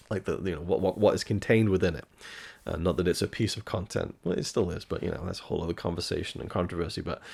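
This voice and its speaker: A man's voice: lowish voice, gravelly, a little mellow. A man reviewing films in a passionate, rambling monologue, often restarting his sentences. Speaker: film reviewer. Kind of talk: casual opinion monologue.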